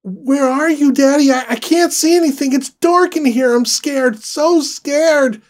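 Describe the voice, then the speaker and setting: A man voicing a terrified young daughter calling for her father in the dark, with a cracking, pleading voice. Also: very high voice, measured pace, voice pushed up. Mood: frightened pleading.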